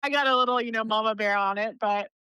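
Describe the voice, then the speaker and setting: A woman in her thirties with a bright, sharp voice that comes through smooth and crisp. She's a podcast guest telling stories in a chatty way, full of "like", laughing between lines. The sound is dry and close. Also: a little high, fast talker, no room sound, rough recording. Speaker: nonprofit CEO, podcast guest. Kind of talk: casual interview storytelling.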